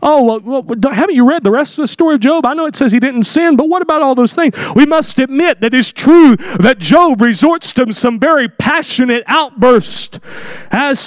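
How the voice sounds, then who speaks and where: Impassioned high-voiced male preacher. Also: dry recording, clean studio sound. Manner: impassioned, rising to shouts on scripture; reads scripture in old-fashioned wording. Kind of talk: sermon.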